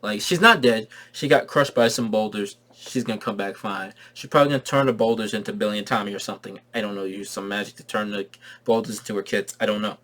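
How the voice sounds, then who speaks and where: A man giving a casual movie review who talks in an excitable, rambling way and repeats his phrases. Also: on the low side, fast talker.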